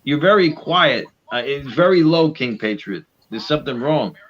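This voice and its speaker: A man hosting a live stream in casual banter, laughing easily and reacting quickly. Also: fairly high pitch, expressive, a bit bright. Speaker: stream host. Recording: muffled lo-fi audio.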